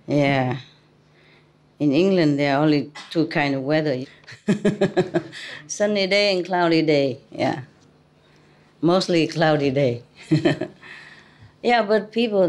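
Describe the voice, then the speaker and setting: This spiritual teacher's voice sits low and sounds a little mellow. Addressing her audience informally, she chats, teases, and laughs a lot, speaking English as a second language with non-native phrasing.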